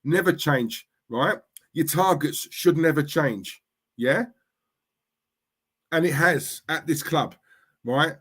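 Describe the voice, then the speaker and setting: A man's voice: on the high side, slow, long pauses, a bit bright, husky. A middle-aged man, ranting on a livestream and replying to chat, repeating himself and asking "yeah? right?" at every turn. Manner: fired-up, repetitive, asks "yeah? right?" constantly. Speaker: streamer, football fan. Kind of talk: livestream rant reading chat.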